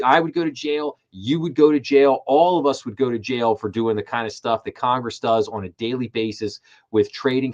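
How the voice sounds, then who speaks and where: A middle-aged man hosts a live finance commentary show at a mid-range pitch. He talks with emphatic conviction and circles back on his words when fired up. The stream audio sounds slightly dull and lo-fi. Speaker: host.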